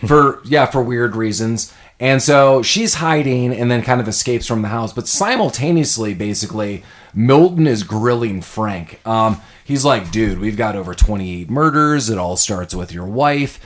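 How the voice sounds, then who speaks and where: Animated man retelling a movie plot. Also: mid-range voice, normal speed. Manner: animated retelling with acted-out quotes. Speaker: podcast co-host. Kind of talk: casual movie podcast chat.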